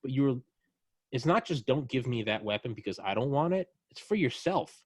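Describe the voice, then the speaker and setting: A man hosting a podcast talks in a blunt, profane, animated way, pressing his argument hard. His voice sits at a middle pitch. The sound is dry and close, with no room around it. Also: a little fast, no room sound. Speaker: podcast host. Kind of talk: casual conversational podcast.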